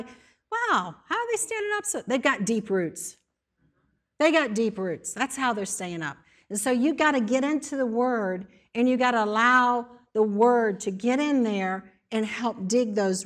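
Woman preaching a sermon, kinda high voice, emphatic, keeps repeating stuff in lists. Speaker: speaker in a church setting.

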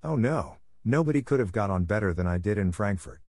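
A man's voice: fairly low pitch, expressive, a little fast, darkish tone, dry recording, clean studio sound. A man voicing an earnest young girl coming home to her family, reading her lines with a raised, heartfelt voice.

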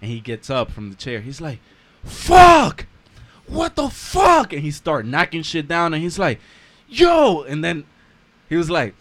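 A man in a casual chat telling a story and acting out shouts. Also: on the high side, a little fast.

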